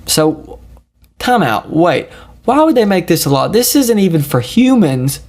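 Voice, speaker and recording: A man's voice: high-pitched, big pitch swings, unhurried, a little mellow. A man hosting a casual solo podcast, ranting in a crude, profane and rambling way. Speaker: podcast host.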